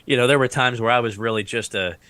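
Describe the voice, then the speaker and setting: A man's voice: mid-range voice, fast, pushed and bright. A man who served in the Iraq War, telling stories in a casual podcast chat. He rambles, laughs often and acts out what others said. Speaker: Iraq War veteran guest.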